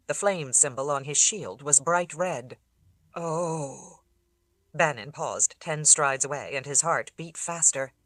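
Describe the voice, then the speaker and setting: An audiobook narrator reading fantasy fiction in a steady, measured way on a close mic. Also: mid-range voice, no room sound.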